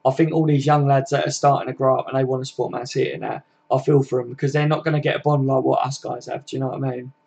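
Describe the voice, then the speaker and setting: A man's voice: mid-range voice, little pitch movement, very fast, vocal fry, hardly any pauses, a little mellow. A man, chatting casually and rambling on a live stream to his viewers. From England. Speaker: fan channel host.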